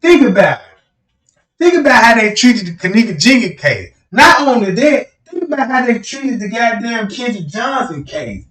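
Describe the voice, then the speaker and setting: A man's voice: very high-pitched, big pitch swings, normal speed, fairly bright tone, recorded from a distance. A man doing a rambling, profane livestream rant, repeatedly asking his listeners whether they know what he's talking about. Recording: roomy echo, speaking away from the mic.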